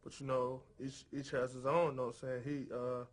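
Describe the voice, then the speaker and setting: A man's voice: mid-range voice, level tone, brisk. A man talking casually and earnestly in a documentary interview.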